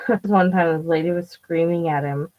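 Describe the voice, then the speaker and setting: A woman's voice: lowish voice, steady tone, moderate pace. A woman vlogger telling stories in a casual, rambling way, full of "like", restarts and swearing. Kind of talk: casual storytelling. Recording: dull lo-fi recording with faint music.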